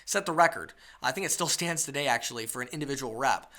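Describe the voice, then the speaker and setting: A man's voice: medium pitch, animated, fast talker, bright, forceful tone. A man teaching a webinar sales lesson, coaching his listeners and checking in with rhetorical questions. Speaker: sales trainer.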